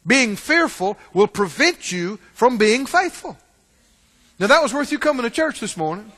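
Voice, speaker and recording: A man preaching a sermon in church, asking the congregation questions and swinging between loud calls and hushed asides. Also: very high voice, very animated, normal speed. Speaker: pastor. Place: church sanctuary. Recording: long reverb of a large hall.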